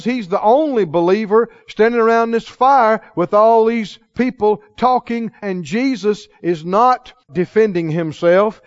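High-voiced preacher in a lo-fi recording. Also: male voice. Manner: emphatic, call-and-response with the congregation; slows for key phrases, acts out dialogue in quoted voices. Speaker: pastor. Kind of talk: sermon. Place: church.

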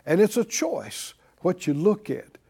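High-voiced emphatic male preacher. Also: sing-song, a little slow, vocal fry, mellow, husky. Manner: emphatic call-and-response preaching, rising in force. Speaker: pastor. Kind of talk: sermon.

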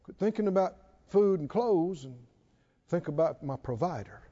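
A man preaching a sermon with animated delivery, repeating phrases and quoting scripture. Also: a little high, moderate pace, dull audio. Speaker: pastor.

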